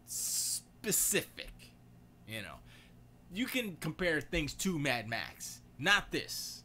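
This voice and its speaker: Stream host, male, loose rambling delivery, bright tone. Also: a little high, sing-song, slow, a little hiss or hum. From United States. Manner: rambling, reads chat aloud, self-correcting. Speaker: livestream host. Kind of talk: casual livestream chat.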